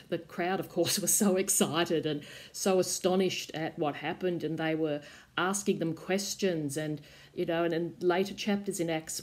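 A woman youth pastor giving a reflective devotional talk in a measured teaching manner. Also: low-pitched, darkish tone.

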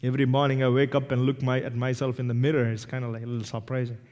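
A man from India, a pastor preaching a sermon, animated and acting out little dialogues with self-deprecating humor. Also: mid-range voice, racing. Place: church sanctuary. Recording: reverberant church hall.

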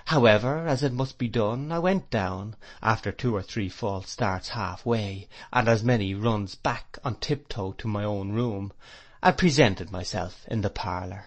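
An adult man narrating a classic novel as an audiobook, measured and expressive. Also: fairly low pitch.

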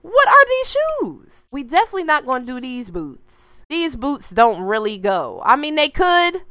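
A woman's voice: sits high, normal speed, heavy background noise. A young woman giving casual, slangy commentary to viewers while playing a life-sim game. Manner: animated, slangy, talks to viewers while choosing outfits. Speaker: gaming YouTuber.

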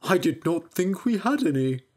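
A woman's voice: lowish voice, big pitch swings, normal speed, a little mellow. A woman reading a storybook aloud, voicing a gullible, friendly farmer with a hearty, trusting manner.

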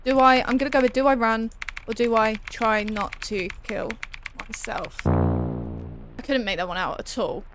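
A woman giving excitable, chatty gameplay commentary while playing a horror game. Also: a little high, measured pace, over music. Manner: excitable, chatty, laughs often. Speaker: game streamer.

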